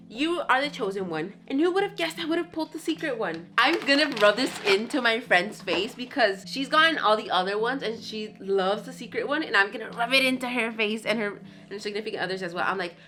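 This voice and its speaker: A woman vlogger chatting casually and gushing excitedly while unboxing, with background music under her voice. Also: a little high.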